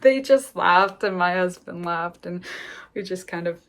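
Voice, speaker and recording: A woman's voice: lowish voice, a little slow, fairly bright tone. Chatty woman telling her birth story. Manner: candid and chatty, laughs often. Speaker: vlogger. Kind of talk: personal storytelling.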